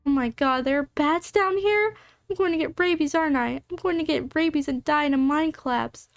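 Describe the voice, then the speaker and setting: A woman's voice: high-pitched, fairly quick, gravelly, no echo, clean studio sound. A woman reading the lines of a nervous young woman in a game, in a jittery, worried way. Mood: panicky.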